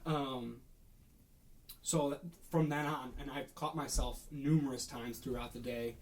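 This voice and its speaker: A young man co-hosting a casual podcast at a middle pitch. He tells rambling, chatty stories and keeps restarting his sentences as he goes. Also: steady tone, measured pace. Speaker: podcast co-host. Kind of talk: casual chat.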